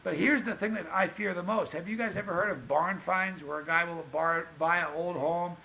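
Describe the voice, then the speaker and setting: A man telling stories on a podcast, animated and acting out the dialogue of the people in them. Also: sits high, moderate pace, vocal fry, rough recording. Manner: animated anecdote-teller, acts out quoted dialogue. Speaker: podcast guest, pepper show host. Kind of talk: casual storytelling.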